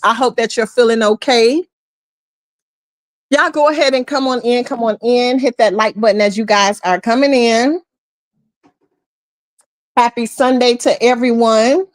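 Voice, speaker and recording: Woman host, casual and chatty, a touch higher than usual, dry close mic. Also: steady tone, unhurried, long pauses, no room sound. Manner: chatty, calls viewers honey and boo. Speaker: live stream host. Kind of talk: casual live chat greeting viewers.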